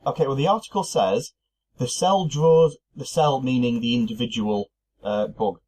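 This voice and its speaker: A man's voice: mid-range voice, normal speed, darkish tone, low-quality recording. A man co-hosting a podcast, thinking aloud casually with fillers and restarts. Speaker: podcast co-host. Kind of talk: casual chat.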